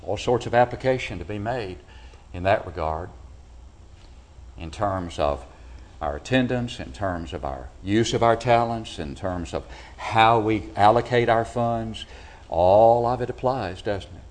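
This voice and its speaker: A man preaching a sermon to a congregation in a church, asking them rhetorical questions and swinging between loud, emphatic peaks and quiet, low drops. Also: unhurried. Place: church building.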